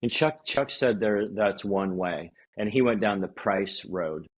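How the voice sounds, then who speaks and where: Man, low-pitched, rambling casual chat, dull recording. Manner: rambling, halting, with restarts. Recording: dull lo-fi audio.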